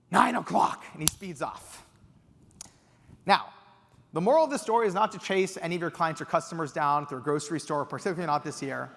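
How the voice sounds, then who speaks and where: A young man giving a keynote speech, telling an animated story with excited quoted outbursts. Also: high voice. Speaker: keynote speaker. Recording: reverberant hall.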